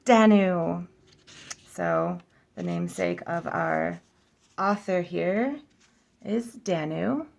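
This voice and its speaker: Lady doing a chill deck flip-through vlog, super gravelly fry, slow and thinking out loud. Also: on the low side. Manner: sounding out names aloud, self-correcting; musing, giggly asides. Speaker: oracle deck reviewer.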